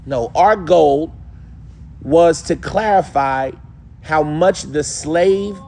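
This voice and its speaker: A man's voice: a little high, drawn-out words, creaky, darkish tone. A man teaching a class on a classical text, firing rhetorical questions at the group and answering them himself. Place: mosque hall.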